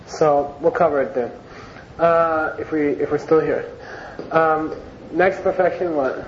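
A man's voice: a little high, fairly even intonation, slow pace, long pauses. A man teaching an informal Buddhist class in a conversational way, often repeating words and phrases for emphasis. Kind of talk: informal Dharma class lecture. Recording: dull lo-fi recording with faint hiss.

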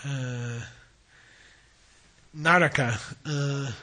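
A man's voice: mid-range voice, extremely slow, sharp tone. Man explaining Buddhist terms, repeating "okay?". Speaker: Buddhist teacher. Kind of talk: dharma teaching.

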